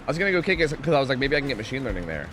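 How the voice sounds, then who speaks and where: A man streaming a game, chatting casually, swearing and yelling at the screen between stretches of humming. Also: medium pitch, rapid-fire. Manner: swearing, animated, yells at the screen, hums to himself. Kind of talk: casual gameplay commentary. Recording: game music behind the voice. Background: game music.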